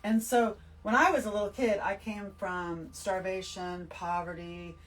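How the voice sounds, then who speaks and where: A woman giving an emphatic, animated spiritual talk to her listeners, full of swearing. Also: mid-range voice, unhurried, distant mic, poor audio. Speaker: host. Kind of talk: spiritual monologue to camera.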